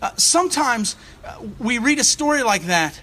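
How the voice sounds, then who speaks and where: A man's voice: very high-pitched, animated, normal speed, pushed and bright. A man preaching a sermon as a church's assistant rector, earnest and searching, often restarting his phrases. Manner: earnest, searching delivery with frequent restarts and fillers.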